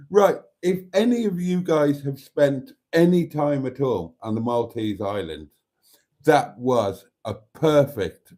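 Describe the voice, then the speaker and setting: Chatty live-stream host, male, mellow and warm, rambles freely. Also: mid-range voice. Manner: rambling, chatty, laughs easily. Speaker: channel host. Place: motorhome.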